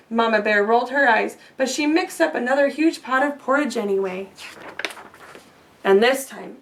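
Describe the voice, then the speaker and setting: A woman reading a children's storybook aloud, expressive and slowing down for emphasis. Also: a little high. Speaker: storybook reader. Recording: voice a bit far from the mic.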